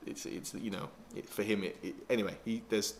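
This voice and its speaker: Low-voiced man teasing his co-host. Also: fairly even intonation, a little fast, slight background noise. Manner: crude, teasing storyteller who laughs often. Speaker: podcast co-host. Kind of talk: casual chat.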